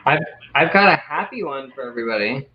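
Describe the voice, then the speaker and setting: A man hosting an online cabaret trivia game over a video call, upbeat and quick to apologize. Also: medium pitch, lively intonation. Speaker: host. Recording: dull lo-fi video call audio.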